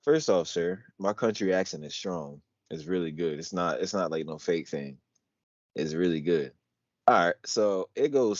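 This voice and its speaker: Brief: low, lively male podcast co-host, argumentative, dry dull lo-fi sound. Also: normal speed, dry recording. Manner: animated, argumentative, reads lyrics aloud. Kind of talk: casual podcast debate.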